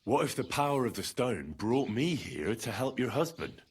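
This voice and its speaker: A man voicing a young healer who speaks calmly and bargains shrewdly. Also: mid-range voice, moderate pace, husky, exaggerated voice. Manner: calm, persuasive, shrewd.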